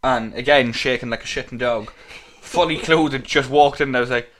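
A man's voice: mid-range voice, normal speed, a bit bright. A man co-hosting a casual podcast, swearing and laughing through his stories while fighting a cough. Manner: crude, swearing, laughing storyteller. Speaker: podcast co-host. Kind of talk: casual chat.

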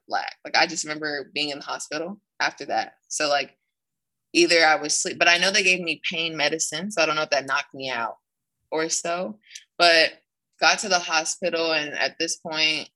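Young woman athlete guest, bright voice, rambling chatty retelling. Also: deep voice, poor audio. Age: young adult. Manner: rambling, full of "like" and restarts, acts out quoted dialogue. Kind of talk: casual interview storytelling.

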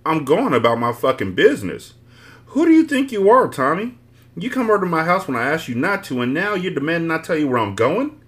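Man voicing a hot-tempered young woman, profane and snapping, pitched up, big swings in tone. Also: sing-song, brisk, a bit bright. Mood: furious. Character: fiery young woman telling off an ex.

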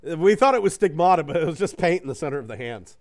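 Male co-host, casual and rambling, slightly higher voice, laughs a lot. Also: fast talker, slight background noise. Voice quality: animated storyteller, breaks into voices for quotes. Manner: rambling, loose, swears and laughs often. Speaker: podcast co-host. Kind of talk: casual chat.

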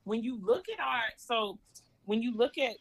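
Lively Georgia-accented woman. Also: on the high side, normal speed, vocal fry, no echo, low-quality recording. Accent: Southern US, Georgia. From Georgia, USA. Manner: lively, laughs often, emphatic. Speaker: parenting coach. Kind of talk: casual interview.

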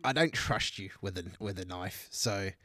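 Deadpan male game master. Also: low-pitched, moderate pace. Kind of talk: running a tabletop game.

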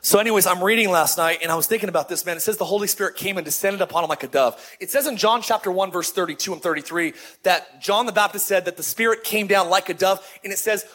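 A middle-aged man, a lead pastor, preaching a sermon in a lively, conversational way with repeated phrases. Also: sits high, fast.

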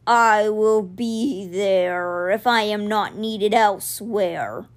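A woman voicing a calm giant male cat in a storybook reading, speaking slowly. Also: mid-range voice, lightly acted. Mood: steady. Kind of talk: reading a children's novel aloud.

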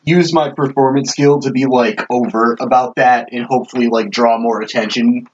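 A man's voice: mid-range voice, steady tone, normal speed, far from the mic. A man playing a tabletop game, hesitant and full of filler words. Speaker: player. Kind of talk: casual tabletop play. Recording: dull lo-fi recording with faint hiss.

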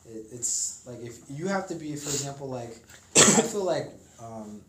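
A laid-back man talking quietly in casual conversation, his voice mid-pitched for a man. He sounds a little off mic. The room around him sounds echoey. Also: lively intonation, normal speed, slight background noise. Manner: quiet, laid-back, chimes in with short reactions. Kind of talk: casual chat.

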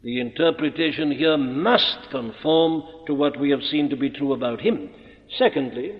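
A man preaching an expository sermon, emphatic and deliberate, posing rhetorical questions and answering them. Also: mid-range voice. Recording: muffled old recording in a reverberant hall.

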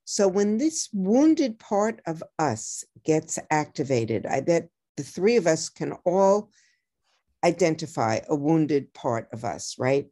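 A woman with a low, mellow voice speaks as a therapist guest on a podcast. She is reflective and repeats key phrases slowly, almost like a mantra. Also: sing-song. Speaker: psychotherapist and author, guest. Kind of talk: podcast interview, advice.

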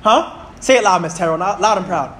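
A man in his thirties preaching a sermon in church, reading scripture slowly and calling out to the congregation. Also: high-pitched. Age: 30s. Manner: animated, reads scripture slowly and calls out to the congregation.

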